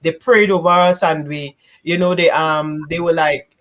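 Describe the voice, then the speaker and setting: A woman, a guest giving a candid personal testimony in a church couch conversation, halting and emotional. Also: low-pitched, fairly even intonation. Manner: halting, emotional, re-enacts quoted speech loudly.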